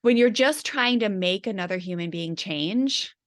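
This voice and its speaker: A woman's voice: mid-range voice, lively intonation, moderate pace. A woman parenting coach in a casual interview, chatty and full of "like" fillers, acting out her own inner voice.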